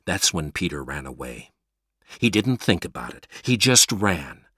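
A man reading a story aloud, slow and expressive. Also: sits low, slightly rough, no room sound, studio quality. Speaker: narrator.

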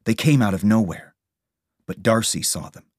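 A man reading a storybook aloud as narrator, steady and measured. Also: on the low side, no room sound, clean studio sound.

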